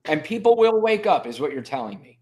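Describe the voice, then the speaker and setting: A man's voice: on the high side, big pitch swings, fairly quick, darkish tone. A man hosts a casual political talk show and teases his co-host. He swears freely and keeps a loose, conversational way of talking. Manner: teasing, profane, loose and conversational.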